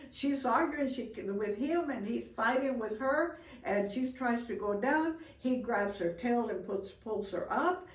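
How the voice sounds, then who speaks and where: An older woman telling a folk story in a lively, expressive way, with gasps for effect. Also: on the high side. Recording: roomy, from far off.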